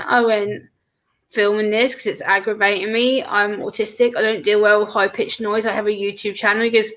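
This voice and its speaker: A woman chatting casually in a group conversation, telling animated stories full of quoted asides. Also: medium pitch, fairly quick. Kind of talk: casual chat.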